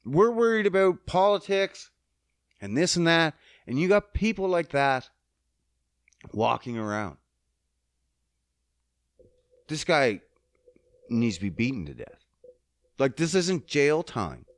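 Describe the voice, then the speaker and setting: Slow, angry ranting man. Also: fairly high pitch, very animated, dry recording, clean studio sound. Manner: angry, heavily profane, emphatic. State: choked up. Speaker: podcast host. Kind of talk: emotional monologue rant.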